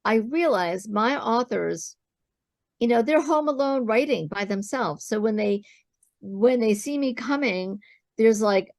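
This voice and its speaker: A woman guest in an interview, telling her own business story as an animated storyteller who acts out the dialogue she quotes. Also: a little high, unhurried, no room sound, studio quality.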